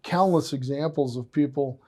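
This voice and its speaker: A man's voice: medium pitch, normal speed, a loud crowd. A man hosting a podcast, enthusiastic and effusive as he tells stories. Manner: enthusiastic, effusive, animated storyteller. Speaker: podcast host. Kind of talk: casual podcast conversation.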